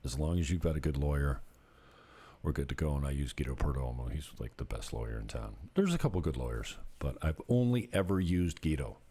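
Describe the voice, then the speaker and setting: A man's voice: extremely low pitch, expressive, a little fast, mellow. A middle-aged man who works as a real estate agent, chatting casually in a vlog and telling rambling, jokey stories. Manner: rambling, jokey storytelling with laughs.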